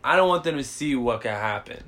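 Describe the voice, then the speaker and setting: Young adult man, relaxed slangy co-host; swears freely, laughs through his stories. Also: mid-range voice, brisk. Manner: laid-back, profane slang, laughs often. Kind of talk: casual storytelling chat.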